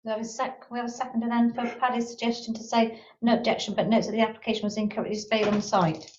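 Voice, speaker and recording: A woman on a council committee briskly calling for a seconder and a vote. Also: fairly high pitch, flat delivery, darkish tone. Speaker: committee member. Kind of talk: meeting discussion. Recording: echoey meeting room, dull audio.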